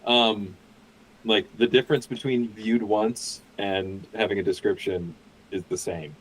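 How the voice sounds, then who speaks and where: Man, low voice, tabletop player, hesitant planning, faint background noise. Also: steady tone, measured pace, poor audio. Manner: thinks aloud with restarts. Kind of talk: casual chat at a tabletop game.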